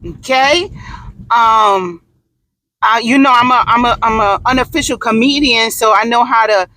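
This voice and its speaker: A woman's voice: fairly high pitch, a little slow, bright, forceful tone, low-quality recording. A woman, talking casually in a personal vlog, rambling and repeating herself with many restarts. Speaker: vlogger.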